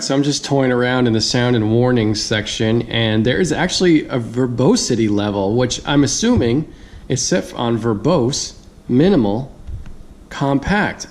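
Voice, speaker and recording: A man's voice: medium pitch, darkish tone. Chatty man reviewing a gadget. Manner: chatty, thinks aloud, laughs easily. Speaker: product reviewer. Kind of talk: casual hands-on review.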